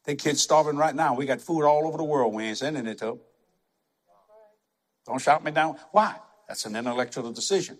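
A man's voice: fairly high pitch, brisk. A man preaching a sermon, emphatic and conversational, repeating words for effect.

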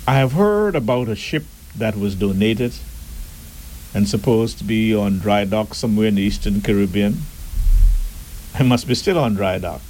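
A man giving a deliberate, emphatic public address and asking rhetorical questions. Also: lowish voice, lively intonation, darkish tone, a little hiss or hum, rough recording. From Turks and Caicos Islands.

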